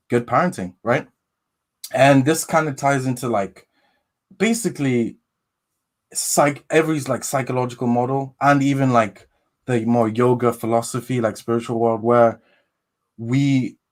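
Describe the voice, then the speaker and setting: A man's voice: mid-range voice, steady tone, measured pace, long pauses. A man as a podcast guest, talking in a hesitant, rambling way with many restarts. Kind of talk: casual chat.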